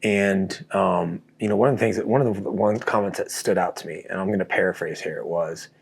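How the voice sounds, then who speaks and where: A man's voice: deep voice, fairly quick, vocal fry, breathy edge. A man in his thirties co-hosting a podcast, telling a personal story casually and bluntly, with frequent swearing. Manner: blunt, swears often, candid. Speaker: podcast co-host.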